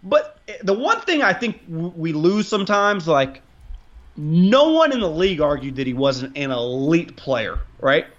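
A man's voice: on the high side, sing-song, measured pace, a bit bright, muffled recording. A man hosting a casual sports podcast, rambling and restarting his sentences, with frequent swearing. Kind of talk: casual sports talk with profanity.

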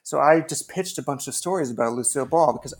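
A man's voice: medium pitch, fast. A man, a novelist, talking candidly and loosely about writing and his work in a casual conversation. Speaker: novelist guest.

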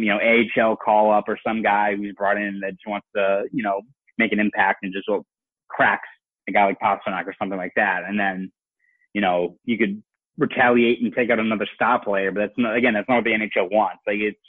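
A man's voice: lowish voice, fairly even intonation, a little fast, dry recording. A man with a Boston accent, a sports reporter guest chatting casually and rambling with lots of "you know" fillers. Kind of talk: casual podcast chat. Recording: dry tinny phone-like line.

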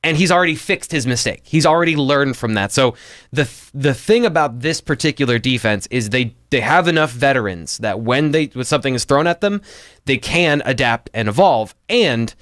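A man talking football tactics on a live sports show, analytical and a bit halting as he restarts his sentences. His voice sits at an ordinary pitch. The sound is dry and close. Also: animated, a bit bright, dry recording. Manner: analytical, frequent restarts and fillers. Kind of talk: casual sports talk.

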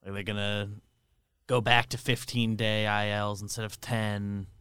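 A man's voice: on the low side, flat delivery, a little slow, a bit bright, clear, resonant tone, no room sound, studio quality. A man co-hosting a podcast, chiming in chattily during a casual sports chat. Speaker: podcast co-host.

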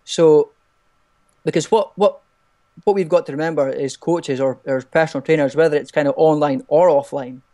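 A man's voice: fairly high pitch, normal speed, mellow. A man working as a personal trainer in a casual podcast chat. He talks hesitantly and often repeats words while he thinks.

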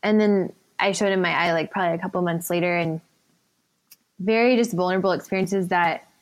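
A woman's voice: on the low side, a little fast. Chatty woman telling a personal story. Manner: chatty, many "like" fillers, laughs often. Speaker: podcast guest.

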